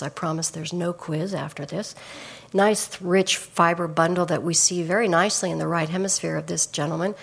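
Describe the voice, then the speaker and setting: A woman with a raspy voice giving a lecture, explaining slides with small restarts. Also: fairly low pitch, fairly bright tone. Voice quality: gravelly. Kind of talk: public lecture.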